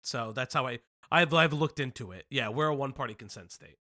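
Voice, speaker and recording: A man's voice: medium pitch, brisk, sharp tone. A man hosting a livestream commentary show, casual and profane, drifting into tangents. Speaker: stream host.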